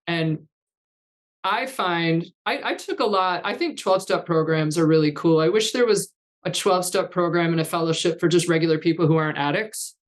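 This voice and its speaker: A woman's voice: lowish voice, normal speed. A woman in her fifties, a guest in an interview, telling long rambling anecdotes in casual chat and laughing often. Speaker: guest, artist coach.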